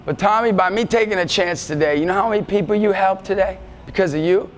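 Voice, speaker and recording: Fired-up high-voiced man speaking in a hall. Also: fast talker, a little hiss or hum. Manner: energetic, shouts to rally the audience. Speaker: motivational speaker at schools. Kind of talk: fired-up motivational talk to students. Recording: reverberant hall, faint music behind.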